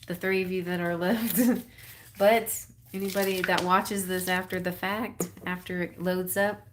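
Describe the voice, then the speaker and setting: A woman with a Texas accent chats her way through a live tarot stream, her voice sitting a little low. She rambles, leans on fillers and laughs often between thoughts, keeping it loose and conversational. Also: flat delivery, measured pace, noisy background. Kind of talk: casual live-stream chat.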